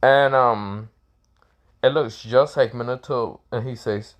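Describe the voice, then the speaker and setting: A man's voice: medium pitch, steady tone, slow pace. A man improvising a fan-fiction story aloud in a rambling, self-correcting way with lots of fillers.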